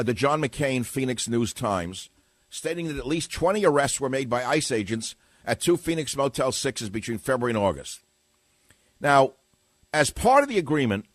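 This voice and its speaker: A man's voice: mid-range voice, dry recording. An older American man hosting a talk radio show, delivering a combative monologue full of rhetorical questions and emphatic repetition.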